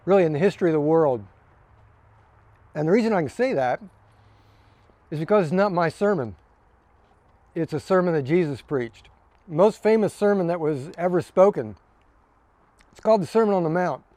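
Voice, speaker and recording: Man, pastor, casual conversational sermon, slightly high voice, dry close sound, outdoors on a deck. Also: moderate pace, pauses often, dry recording. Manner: relaxed, conversational, chuckles. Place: outdoors on a home deck in the evening.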